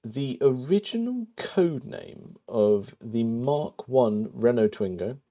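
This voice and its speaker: A man's voice: medium pitch, lively intonation, slow, warm tone, lo-fi sound. A man co-hosting a podcast, dry and hesitant, reading out quiz statements. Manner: dry, hesitant with frequent ums. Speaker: podcast co-host. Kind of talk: casual chat, quiz host.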